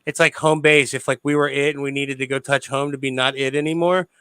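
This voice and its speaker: A man's voice: medium pitch, little pitch movement, brisk, bright, forceful tone, clear, resonant tone, no room sound, rough recording. A man hosting a podcast, effusively thanking his guest in casual chat. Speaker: podcast host.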